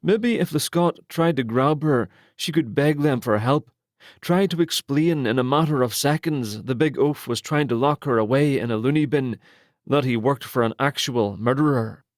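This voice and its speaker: A man narrating a romance novel in a steady, measured storytelling manner on a close studio mic. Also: medium pitch, no room sound. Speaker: audiobook narrator.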